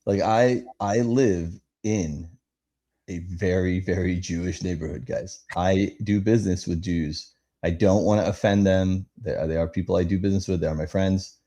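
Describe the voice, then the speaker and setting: A man with a low, mellow voice co-hosts a live podcast in casual chat. He rambles through long stories, full of fillers and bursts of animation. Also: steady tone, moderate pace. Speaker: podcast co-host.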